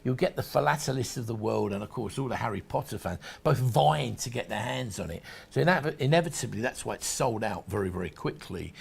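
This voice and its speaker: A man hosts a shopping channel, pitching collectables in a rambling, chatty patter. His voice is gravelly and husky. His pitch swoops up and down a lot as he talks. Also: animated, fairly quick, few pauses. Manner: chatty, rambling sales patter with frequent restarts. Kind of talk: sales presentation.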